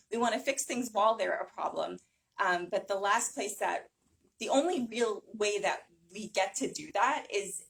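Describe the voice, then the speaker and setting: A woman's voice: medium pitch, gravelly, fairly bright tone. A woman giving a casual talk to a small audience, chatty, with many fillers and frequent "right?". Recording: voice from some distance.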